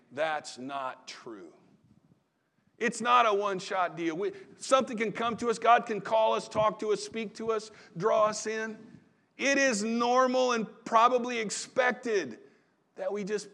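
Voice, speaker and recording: A man preaching a sermon in a relaxed, conversational storytelling way, often restarting his phrases. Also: high voice. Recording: long reverb of a large hall.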